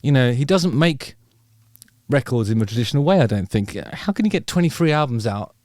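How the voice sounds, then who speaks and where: A man's voice: mid-range voice, animated, a little fast, darkish tone, dry recording, studio quality. A man hosting his channel, talking through a song in a rambling, wry way with lots of ums and casual swearing. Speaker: channel host. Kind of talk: casual reaction commentary.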